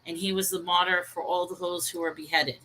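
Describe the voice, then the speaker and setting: A woman's voice: fairly low pitch, little pitch movement, brisk, bright, forceful tone, slight background noise, poor audio. A woman co-hosting a casual livestream discussion, chatty and laughing at her own pronunciation. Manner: chatty, self-deprecating about pronunciation; reads viewer chat aloud and greets viewers.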